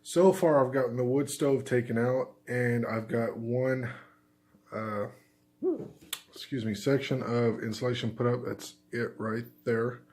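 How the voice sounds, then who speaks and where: A man from Oklahoma with the hiccups rambles through a casual how-to vlog at night inside a small unfinished house. His mid-range voice is unhurried, a little mellow, and fairly even in intonation, with many fillers and restarts.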